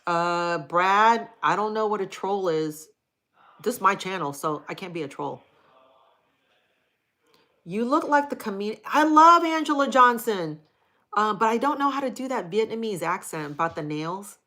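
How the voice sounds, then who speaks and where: A woman's voice: medium pitch, expressive, moderate pace, a bit bright. A middle-aged woman hosting a casual livestream, chatting frankly and with profanity while reading viewer comments aloud. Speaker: livestream host.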